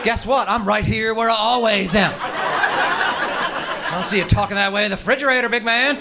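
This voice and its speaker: A man's voice: high-pitched, moderate pace, heavy background noise, voice pushed up. A man voicing a cocky male coffee table that mocks with street-tough taunts during a live stand-up set with audience laughter. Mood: taunting.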